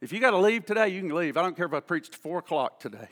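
A middle-aged man preaching a sermon as pastor, fervent and emphatic, swinging between shouting and hushed tones. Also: sits high, animated, quick pace, in a large hall.

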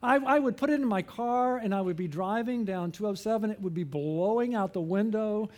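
A man with a notably high-pitched voice delivers a chatty sermon to his congregation. He keeps turning to the listeners with little questions and pokes fun at himself, sounding middle-aged and relaxed. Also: fairly quick. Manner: conversational, asks the congregation many questions; self-deprecating humor. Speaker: pastor.

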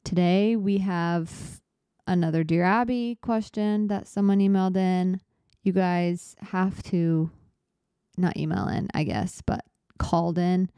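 A woman's voice: fairly low pitch, steady tone, slow pace, mellow, clean tone, no echo, clean studio sound. A young woman in her twenties hosting a laid-back solo podcast, chatty and self-deprecating, a little out of breath as she rambles. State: slightly out of breath. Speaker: podcast host.

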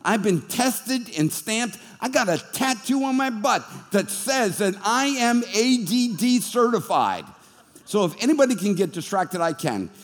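Jokey, animated preacher, man, fairly high voice, preaching in a reverberant church hall. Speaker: pastor. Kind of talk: sermon. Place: church hall being filmed for streaming.

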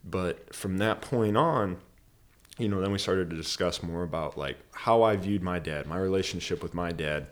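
Deep-voiced man telling a personal story. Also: normal speed. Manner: earnest, rambling, heavy use of "like". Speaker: podcast guest. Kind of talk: personal storytelling in casual conversation.

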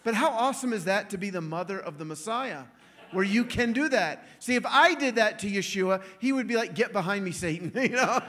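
Male preacher, high voice, lively anecdotal sermon, laughs between lines. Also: brisk. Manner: animated, acts out quoted voices, laughs often. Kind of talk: storytelling sermon.

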